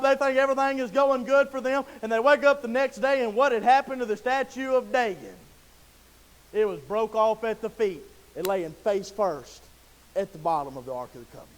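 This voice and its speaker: A man preaching a sermon in a folksy storytelling way, acting out Bible scenes and building to loud emphatic peaks. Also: very high-pitched, fairly quick.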